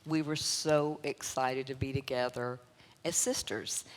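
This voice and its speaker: A guest speaker with a Southern US accent shares an emotional personal testimony in a church sanctuary, telling her story with laughter and sorrow. Her very deep voice is steady and measured, with long church hall reverb.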